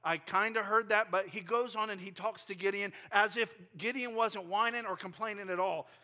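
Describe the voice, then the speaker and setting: A male pastor preaching a sermon, retelling a scripture story in lively, casual words. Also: high voice, normal speed. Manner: animated storytelling, paraphrasing scripture in casual speech. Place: church.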